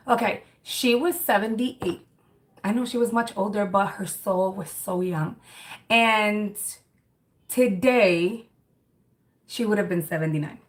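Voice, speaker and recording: A woman's voice: mid-range voice, takes it slowly, pauses often. A woman in her thirties hosting a livestream, chatting candidly and reading viewer comments, rambling with many fillers and restarts. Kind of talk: casual chat.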